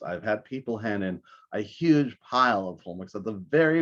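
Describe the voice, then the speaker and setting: A man teaching a math class over a recorded video call, talking in a halting way with many restarts. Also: on the low side, lively intonation, muffled recording. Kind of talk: recorded online class lecture.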